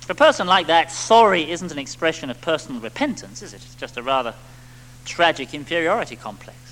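Guy preaching, high bright voice, bouncy, keeps asking "isn't it?". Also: quick pace, poor audio. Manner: animated, rhetorical tag questions, acts out little quotes. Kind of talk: sermon.

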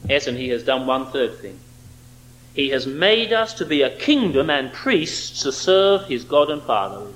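A man's voice: medium pitch, very animated, a little slow, fairly bright tone, poor audio. A man preaching a sermon, emphatic and fond of rhetorical questions.

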